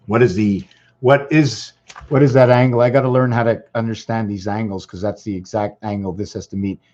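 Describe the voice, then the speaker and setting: Guy rambling to his channel, repeats stuff, kinda hoarse, muffled lo-fi sound. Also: on the low side, steady tone, brisk, a little mellow. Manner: distracted, thinking aloud, repeats himself. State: losing his voice. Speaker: channel host. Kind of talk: rambling casual livestream talk. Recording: dull lo-fi recording.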